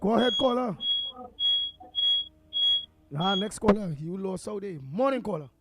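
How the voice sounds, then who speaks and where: A man with a Trinidadian accent hosting a live call-in talk show, rousing and emphatic, building to shouts. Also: high voice, expressive, unhurried, heavy background noise.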